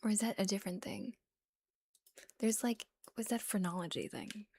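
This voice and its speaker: A woman streamer softly whispering and rambling with giggles in a relaxed ASMR chat, close to the microphone. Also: mid-range voice, moderate pace, breathy edge.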